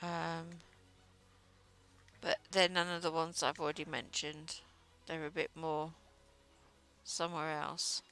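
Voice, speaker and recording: A woman's voice: low voice, flat delivery, takes it slowly, long pauses, pushed and bright. A woman livestreaming while she knits, chatting casually in a rambling way with plenty of fillers. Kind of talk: casual chat while knitting. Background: faint music.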